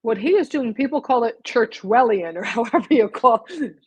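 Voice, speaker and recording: Eager woman podcast host, husky voice. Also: on the high side, animated, darkish tone, no room sound, rough recording. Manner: eager, talks in quick bursts with restarts. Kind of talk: casual interview chat.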